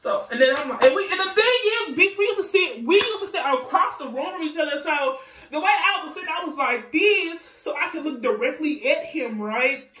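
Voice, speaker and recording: A young adult woman telling a casual storytime vlog, animated and profane, laughing often. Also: high-pitched, a little fast, recorded from a distance. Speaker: vlogger. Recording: echoey room, voice off-mic.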